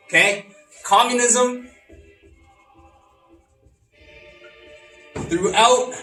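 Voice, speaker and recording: A man doing a slow, grandiose communist. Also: high voice, sharp tone, exaggerated voice. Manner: drawn-out, emphatic lecturing. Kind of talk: comedic educational role-play. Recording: roomy echo, off-mic, faint music.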